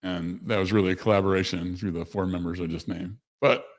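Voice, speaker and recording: A man's voice: low voice, flat delivery, quick pace. A man hosting a casual livestream, rambling conversationally with self-corrections and answering chat messages. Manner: reads chat messages aloud to viewers. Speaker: host of a livestream show.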